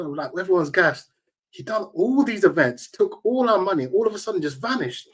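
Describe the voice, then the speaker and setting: A man's voice: sits high, lively intonation, normal speed, breathy edge. A man, a tournament organizer telling emphatic, slang-heavy stories as an interview guest. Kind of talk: casual interview storytelling.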